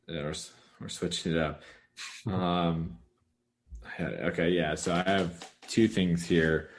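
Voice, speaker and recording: A man's voice: low voice, steady tone, measured pace, a little hiss or hum. A young man co-hosting a podcast, rambling casually with lots of filler words and frequent chuckles. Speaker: podcast co-host. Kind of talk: casual chat.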